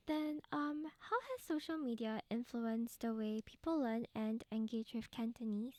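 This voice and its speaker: A woman's voice: fairly high pitch, a little slow, darkish tone, no room sound. A woman from Singapore interviewing a guest, politely reading out prepared questions.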